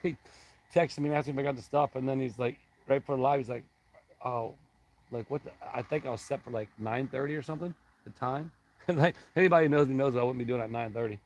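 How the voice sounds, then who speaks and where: A man's voice: medium pitch, a little mellow, poor audio. Rambling man chatting on a live stream. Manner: rambling, halting, reads viewer comments aloud. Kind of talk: casual live-stream chat with viewers.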